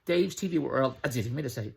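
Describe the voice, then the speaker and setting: A middle-aged man giving a blunt, pushy sales pitch straight to the camera, repeating his slogans and swearing freely. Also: quick pace, gravelly, darkish tone. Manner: blunt, pushy, repetitive hard sell with profanity. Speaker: online business promoter.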